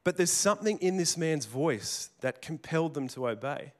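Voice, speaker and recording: A man's voice: fairly high pitch, animated, normal speed. A man preaching a sermon in a conversational storytelling way, with casual restarts and asides. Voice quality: plain working tradesman's speech.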